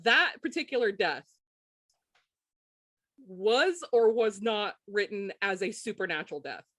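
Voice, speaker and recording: A woman's voice: mid-range voice, dry recording. A woman co-hosting a podcast, chatting casually and laughing often. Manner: laughs often, quick when excited. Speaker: podcast co-host.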